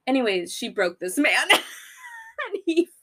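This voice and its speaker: Chatty filler-heavy woman podcaster. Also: on the high side. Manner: animated, filler-heavy valley-girl talk, acts out characters in quick quoted voices; swears freely and laughs at herself. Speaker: podcast host. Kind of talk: casual recap chat.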